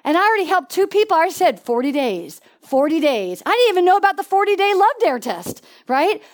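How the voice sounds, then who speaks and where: A woman preaching a sermon in an animated way, with laughing asides and questions to the congregation. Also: extremely high pitch, fast talker.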